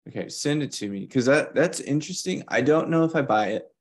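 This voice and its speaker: A man's voice: medium pitch, lively intonation, fairly quick. A man co-hosting a podcast in casual chat, thinking aloud in long winding asides. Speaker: podcast co-host.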